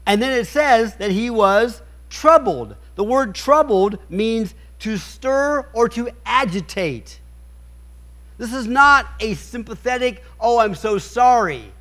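High-voiced man preaching emphatically. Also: lively intonation, takes it slowly, bright, forceful tone. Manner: emphatic, rhetorical questions; stumbles and restarts while reading aloud. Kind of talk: sermon with scripture reading.

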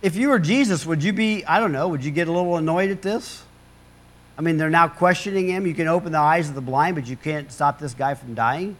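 Male pastor with a slightly high voice, giving a chatty, joking sermon full of restarts. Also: brisk. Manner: conversational, humorous asides, repeats words.

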